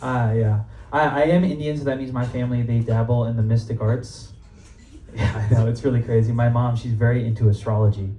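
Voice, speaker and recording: A man's voice: medium pitch, steady tone, brisk, dark tone, a little hiss or hum. A young man doing a stand-up comedy set in a club, casual and profane, laughing at his own jokes. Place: comedy club stage before a live audience. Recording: roomy live club sound, mic at a distance, crowd. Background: audience laughter and cheers.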